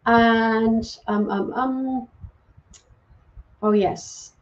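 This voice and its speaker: A woman's voice: fairly high pitch, steady tone, very slow, muffled recording, slight background noise. A middle-aged British woman raised in Wales, a medium hosting a casual livestream and reading out viewer comments with many ums. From UK, born in England, grew up in Wales. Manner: chatty, warm thanks, frequent ums. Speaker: host, psychic medium reading live comments.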